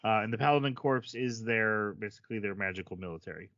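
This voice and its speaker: A man's voice: fairly low pitch, quick pace, fairly bright tone, no echo, lo-fi sound. A man co-hosting a podcast, casually recapping a story at length with frequent "um"s and "uh"s. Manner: summarizes plot at length with many fillers. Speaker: podcast co-host. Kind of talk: casual chat recapping an episode.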